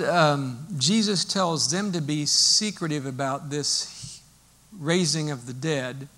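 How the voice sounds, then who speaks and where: A male pastor preaching a sermon in a lively, storytelling way, explaining as he goes. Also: a little high, slow.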